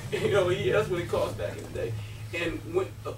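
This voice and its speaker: Animated man telling stories in a roomy hall. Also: high-pitched, slow, a faint crowd, slight background noise. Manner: lively storyteller who acts out quotes and laughs often. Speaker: guest speaker, former college basketball player. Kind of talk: animated storytelling speech. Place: restaurant breakfast event. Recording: roomy, from a distance.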